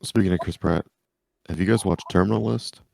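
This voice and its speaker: A man's voice: low-pitched, brisk, gravelly, warm tone, no room sound. A man in casual podcast chat, dropping short, matter-of-fact remarks. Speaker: podcast co-host.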